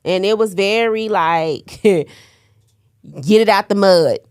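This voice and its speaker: A woman's voice: mid-range voice, takes it slowly, darkish tone, clean tone, dry recording, studio quality. A young adult woman co-hosting a faith podcast, chatting casually with laughing asides. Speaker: podcast co-host.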